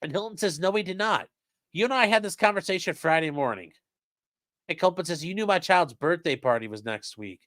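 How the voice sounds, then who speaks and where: Brief: male streamer, lively, a bit high-pitched, swears freely, dry close sound. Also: fairly quick, no echo. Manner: profane, animated, reads quotes in shifting voices. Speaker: legal commentary streamer. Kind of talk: casual live-stream commentary reading a transcript.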